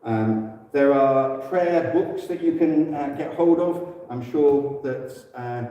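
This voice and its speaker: A man with an English accent giving a relaxed, conversational teaching talk in church, with fillers and quick self-corrections. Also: medium pitch, lo-fi sound. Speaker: church speaker. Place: church hall. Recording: echoey hall, distant mic.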